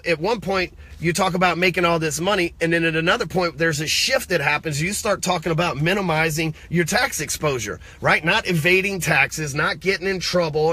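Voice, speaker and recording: A man's voice: a little high, bright, forceful tone, slightly rough. A man giving blunt, profane money advice in a casual rant, speaking straight to the viewer and asking rhetorical questions. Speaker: business coach. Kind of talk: casual motivational rant to camera.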